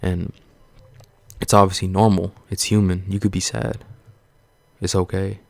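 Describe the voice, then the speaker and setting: A man talks straight to his viewers in a casual, swearing, looping rant that stays reassuring. His voice is very low and gravelly, with a flat, narrow melody. The sound is dry and close, with no room echo. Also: unhurried. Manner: blunt, profane, rambling and repetitive; earnest, reassuring. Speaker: vlogger. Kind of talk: casual motivational rant to camera.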